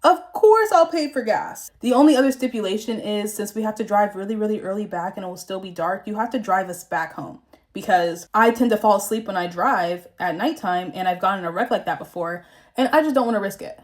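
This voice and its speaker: While putting on her makeup, a young Southern vlogger recounts a story about a fake friend, swearing freely and speaking frankly. Her voice is mid-range and her pace is quick.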